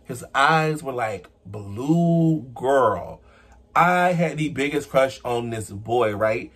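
Answering viewer questions and telling stories on his vlog, a young man chats casually, breaking into sudden high squeals and low murmurs. He's expressive and unhurried, with a slightly bright, husky voice.

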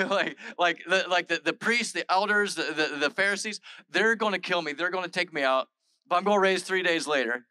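A man's voice: high-pitched, brisk, sharp tone, no echo, low-quality recording. A male pastor giving a casual, conversational sermon, retelling scripture in everyday modern speech with lots of "like" and "all right". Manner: chatty and informal, full of "like" and "all right".

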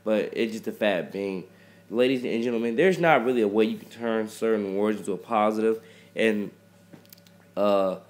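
A man's voice: on the low side, moderate pace. A man giving rambling advice on love and friendship to his viewers, repeating himself and restarting often in a preachy way. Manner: addresses listeners as ladies and gentlemen. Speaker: rapper talking to viewers.

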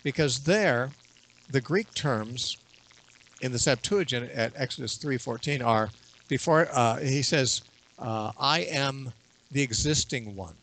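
A man in a radio interview, a bible teacher explaining scripture in a measured way and quoting verses at length. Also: medium pitch, a bit bright.

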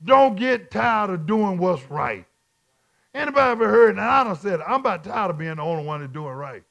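A bishop preaches at Bible study in a high-pitched, animated, fairly quick, gravelly voice. He repeats lines in call-and-response and swings between quiet talk and shouting.

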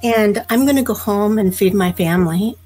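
A woman putting on a sly, high fox. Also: moderate pace, husky, soft background music, close to an everyday voice, poor audio. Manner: sly, bright and teasing. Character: sly clever male fox.

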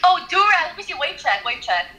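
A woman's voice: extremely high pitch, very animated, a little fast, sharp tone. A young woman on a video chat, blunt and teasing with slangy talk. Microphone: video chat app.

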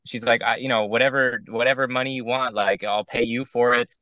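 A man's voice: mid-range voice, fairly even intonation, brisk, bright, forceful tone, no echo, highs cut off. A man working as a wedding DJ, telling a rambling, exasperated story on a casual round-table show, acting out both sides of each conversation.

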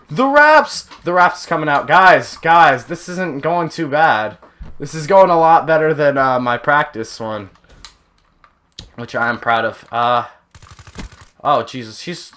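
A young man commenting over his own gameplay, excitable and often yelping and exclaiming. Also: on the high side. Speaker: gaming channel host.

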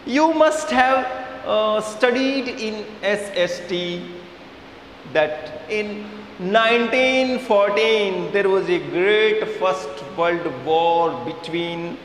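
A man teaching an English lesson in Indian English, speaking slowly and emphatically and repeating key words for his students. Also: high-pitched. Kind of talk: classroom video lesson. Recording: echoey room with faint hiss.

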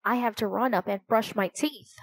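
A woman's voice: fairly high pitch, moderate pace, no room sound. A woman voicing a friendly, easygoing young boy in a children's storybook reading. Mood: cheerful. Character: boy, cheerful and polite.

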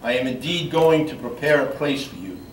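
An older man, a priest, reading scripture in a measured, solemn way at a memorial service. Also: medium pitch, lively intonation. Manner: measured solemn reading, halting when speaking freely. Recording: echoey room from far off, faint background noise.

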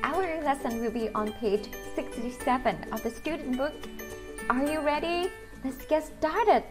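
A woman with a Vietnamese accent teaching English pronunciation to children, slowly drawing out each vowel sound. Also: sits high, music in the background. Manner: slow, sing-song teacher talk, drawing out vowel sounds.

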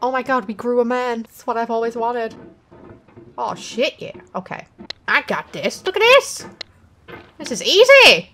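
Young woman, gaming host, profane commentary, bright tone, unhurried. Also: a little high, sing-song. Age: young adult. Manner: loud, swearing, self-mocking. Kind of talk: profane let's-play commentary.

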